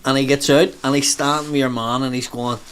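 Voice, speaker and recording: A man spinning a swear-laden yarn in casual podcast chat, his pitch in the middle of the range. He jumps into the voices of the people in his story and builds energy as he goes. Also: fairly quick, clear, resonant tone. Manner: animated, swearing storyteller who acts out quoted voices. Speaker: comedian, podcast co-talker.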